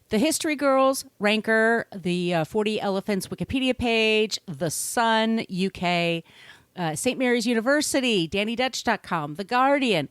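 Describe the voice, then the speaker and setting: A woman's voice: medium pitch, smooth, no echo. A woman hosting a podcast, telling a true-crime story in a chatty, casual way, swearing freely and laughing often. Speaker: podcast host.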